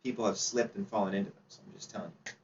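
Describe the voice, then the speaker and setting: A man's voice: on the low side, flat delivery, very fast, creaky, darkish tone. A man giving an informal slide presentation at a club seminar, chatty and quizzing his audience. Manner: chatty, asks the audience questions, laughs easily. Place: meeting room. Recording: distant, dull, faint background noise.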